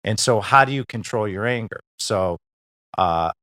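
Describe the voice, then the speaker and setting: A man hosting an interview show, asking relaxed, rambling questions full of fillers. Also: on the low side, normal speed. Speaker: podcast host. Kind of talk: casual interview chat.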